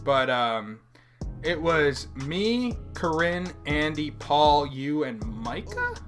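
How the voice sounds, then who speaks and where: A young man hosting a podcast, telling a story in a loud, animated, profane way and acting out the people in it. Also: a little high, slow pace, soft background music. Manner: animated, profane, acts out quotes. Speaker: podcast host. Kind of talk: casual storytelling chat.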